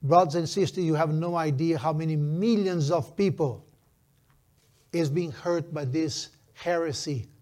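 A pastor in his fifties preaches a sermon, his voice sitting somewhat high for a man. He talks emphatically and stretches out the phrases he wants to land, with slightly non-native phrasing. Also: darkish tone. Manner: emphatic, slows down for key phrases.

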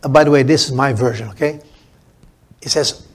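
A man's voice: mid-range voice, a little fast. A man preaching a sermon as pastor, emphatic and repetitive, building up his points.

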